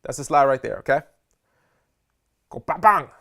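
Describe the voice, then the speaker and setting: A man teaching a live seminar on public speaking, energetic and slangy, often checking in with his audience. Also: medium pitch, moderate pace, gravelly. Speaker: speaker coach.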